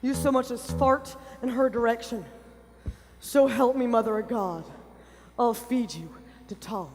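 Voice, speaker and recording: A woman playing a fierce, possessive mother who runs a rough tavern, talking and singing with a brash, menacing folksy drawl on a stage. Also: high voice, normal speed, lightly acted. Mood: bitter. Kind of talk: live stage musical acting and singing. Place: theater stage. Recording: live theater hall with long reverb, loud music.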